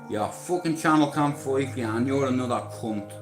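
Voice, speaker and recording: A man's voice: mid-range voice, moderate pace, hardly any pauses. An Irish man ranting on a livestream in an aggressive, profane and rambling way, confronting others. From Ireland. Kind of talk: angry livestream rant. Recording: roomy sound with music behind. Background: music.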